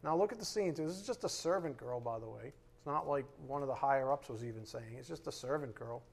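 A man teaching a Bible lesson in a relaxed, conversational way, often checking in with his listeners with "right?". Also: mid-range voice, fast, vocal fry.

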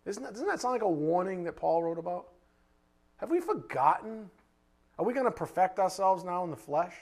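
A man preaching a sermon, firing blunt rhetorical questions and swinging between loud emphasis and quiet asides. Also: high voice, big pitch swings, moderate pace, vocal fry.

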